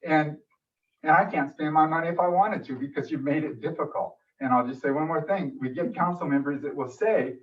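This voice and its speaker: A fairly high-voiced man speaking with emotion and frustration during public comment at a council meeting. He is picked up from some distance across the room, and the sound is dull and muffled. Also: fairly quick.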